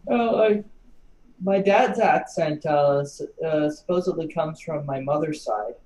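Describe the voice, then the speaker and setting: A man chatting on a video call, speaking in a quiet, hesitant, halting way. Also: on the high side, roomy sound, slight background noise, poor audio. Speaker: participant. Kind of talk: casual chat on a video call.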